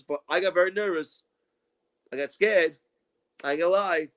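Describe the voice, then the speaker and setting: A man's voice: high voice, moderate pace. A man co-hosting a podcast, telling crude stories in casual chat, swearing freely and mimicking the people he quotes. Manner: profane, animated storytelling with mocking quoted voices. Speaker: podcast co-host.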